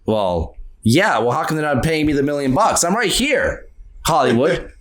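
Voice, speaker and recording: Earnest, animated male podcast co-host. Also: fairly high pitch, normal speed. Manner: earnest, animated, laughs often. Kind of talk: casual movie chat.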